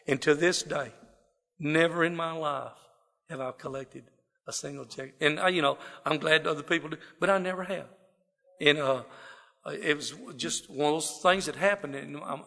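A man's voice: on the high side, moderate pace, vocal fry, bright, forceful tone. A middle-aged man from South Texas with a Texas drawl, telling a folksy, self-deprecating personal story to a live audience. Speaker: speaker sharing his recovery story. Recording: long hall reverb.

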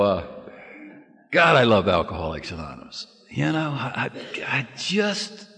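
Casting: man with a lowish voice, folksy, joking speaker at a meeting, reverberant hall. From Kentucky, USA. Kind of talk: humorous storytelling talk.

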